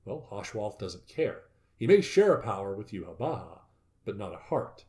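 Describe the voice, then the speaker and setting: A man hosting a casual discussion, reading notes aloud and growing loudly excited, with some swearing. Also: on the low side, moderate pace. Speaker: podcast host.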